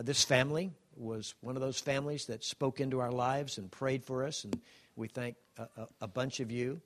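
A man in his seventies giving a heartfelt personal testimony, halting and emotional with many restarts and gentle self-deprecating humor. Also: medium pitch. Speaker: speaker sharing a personal testimony.

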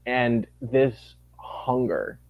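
Animated man gushing in casual chat. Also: mid-range voice, drawn-out words, dry recording, phone-quality sound. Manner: animated, gushing, acts out quotes. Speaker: podcast guest.

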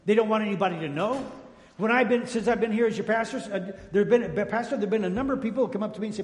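A man's voice: sits high, racing. An older male pastor preaching a sermon in a folksy, joking way, calling out to his congregation. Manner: folksy, jokey preaching with call-outs to the congregation. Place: church sanctuary. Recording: echoey church hall.

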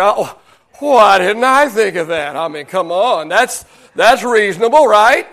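A male pastor from Oklahoma telling a story in a sermon, animated and self-deprecating, often restarting his sentences. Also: high-pitched, measured pace, creaky.

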